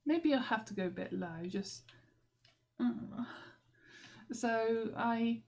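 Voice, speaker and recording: A woman's voice: a little high, lively intonation, slow, darkish tone. A young woman, rambling and exasperated in a video diary, laughing often. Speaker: vlogger. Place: walking through a station.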